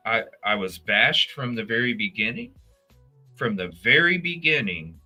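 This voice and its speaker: A medium-pitched man talks right to his chat as host of a relaxed true crime livestream. His delivery is energetic, rambling, and peppered with swearing.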